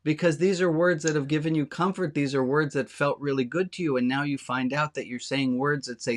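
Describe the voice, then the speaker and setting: A man's voice: on the high side, fairly even intonation, fairly quick, hardly any pauses. A man speaking as a rabbi, giving a frank, plainspoken, conversational sermon to his congregation. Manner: talks directly to a small congregation.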